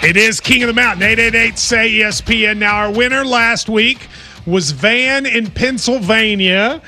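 A sports radio host with a high, bright voice. He keeps things upbeat and brisk as he works through the callers. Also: soft background music.

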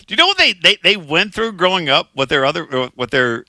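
A man co-hosting a sports talk show, chatting excitably and stumbling over his words. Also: fairly high pitch, a little fast, no echo. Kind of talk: casual studio chat.

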